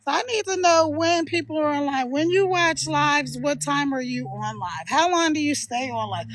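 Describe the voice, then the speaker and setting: A woman's voice: high voice, moderate pace, background noise. A middle-aged woman from Philadelphia chatting casually to viewers on a livestream, laughing often and encouraging them. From Philadelphia, USA. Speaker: live streamer.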